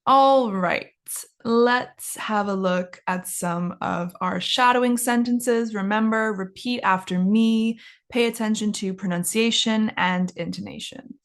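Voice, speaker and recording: A woman's voice: mid-range voice, measured pace. A woman teaching English in a casual lesson, chatty, with frequent "like" fillers and laughing at herself.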